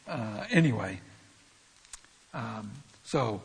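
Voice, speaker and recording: A man's voice: medium pitch, slow, creaky, breathy edge, big-room sound. A man with a scratchy voice giving earnest, emphatic verse-by-verse Bible teaching and speaking straight to his listeners.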